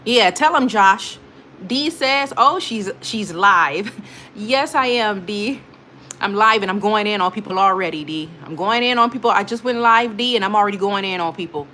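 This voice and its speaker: A woman talks straight to her live-stream viewers and reads their comments aloud. She scolds trolls emphatically and hammers her points home by repeating them. Her voice sits at an everyday pitch, with a faint hiss in the background. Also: normal speed, bright, forceful tone. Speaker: livestream host.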